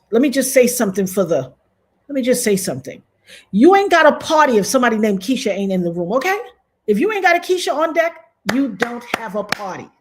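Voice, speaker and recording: A woman's voice: medium pitch, slight background noise. A woman from the northern US hosting a casual livestream, affectionate and a little preachy as she thanks viewers in the chat. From northern United States. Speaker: livestream host.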